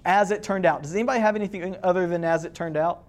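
A man's voice: sits high, fast. A man preaching a conversational sermon, asking the congregation questions as he goes. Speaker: pastor.

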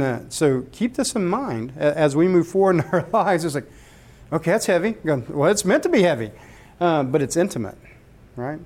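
A man's voice: fairly high pitch, a little mellow. A man in his forties giving a candid, personal conversational sermon and asking his listeners questions. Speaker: speaker leading a church group.

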